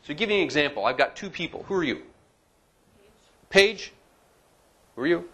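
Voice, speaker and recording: Lively male lecturer, slightly high voice. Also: moderate pace, breathy edge. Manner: lively, talks to the audience with asides and questions. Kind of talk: classroom lecture. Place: lecture hall.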